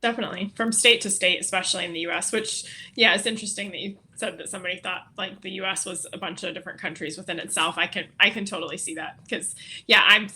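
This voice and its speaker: A woman's voice: lowish voice, fairly even intonation, fast, bright, forceful tone. A woman who grew up in South America, a guest on a casual podcast chat, who talks in a friendly, chatty way and laughs easily.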